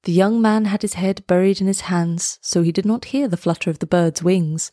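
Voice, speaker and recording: A woman reading a fairy tale aloud, slow, lilting and expressive. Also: fairly low pitch, dry recording, studio quality. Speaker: storyteller. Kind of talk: storybook read-aloud.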